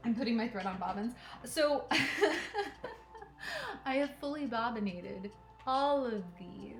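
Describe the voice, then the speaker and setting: A woman with a slightly high, sing-song, creaky voice takes her time, leaving long pauses as she hosts a crafting livestream. She sorts thread at home, giggling and chatting casually to herself and her cat while working. The audio is echoey with faint music.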